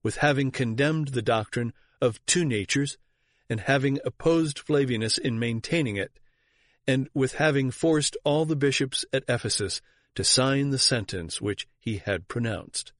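A man's voice: medium pitch, a bit bright, dry recording. Man reading history in a dry voice. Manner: measured, formal reading voice. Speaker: audiobook reader. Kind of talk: scripted narration of church history.

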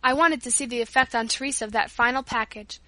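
A woman reading a chapter of a novel aloud in measured storytelling narration. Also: a little high, sharp tone, no room sound. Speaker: audiobook reader. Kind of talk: scripted narration.

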